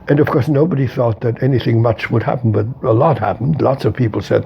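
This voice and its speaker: Barely pausing, a man in his eighties talks fast in a creaky, medium-pitched voice, captured on a muffled recording with slight background noise. He is a philosopher giving a reflective interview, emphatic, repetitive and openly emotional.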